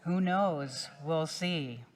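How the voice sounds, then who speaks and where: A woman voicing a calm old farmer. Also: low voice, very slow. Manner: calm, even-tempered.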